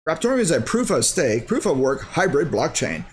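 A man's voice: a little high, big pitch swings, normal speed. A man hosting a crypto mining channel, thinking aloud in a rambling, sarcastic way while clicking through his screen. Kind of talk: casual screen-share commentary.

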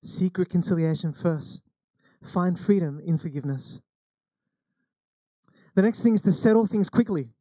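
A man's voice: high voice, expressive, normal speed, long pauses, dark tone, no room sound. An Australian man preaching a sermon as senior pastor, telling stories in a conversational way and acting out the quoted lines. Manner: conversational storytelling with acted quotes.

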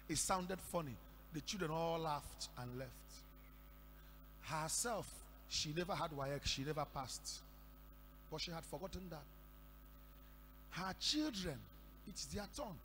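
A Nigerian man preaching a sermon, telling stories and breaking into shouted declarations. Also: on the high side, animated, measured pace, pauses often. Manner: storytelling with sudden shouted declarations. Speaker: pastor. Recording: echoey hall with faint hum.

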